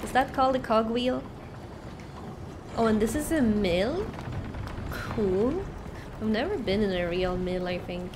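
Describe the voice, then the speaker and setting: Woman streamer rambling thru a game, kinda high voice, yells a lot, noisy bg. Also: expressive, a little slow, long pauses. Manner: chatty, bursts into yelling. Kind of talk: let's play commentary. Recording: noisy background.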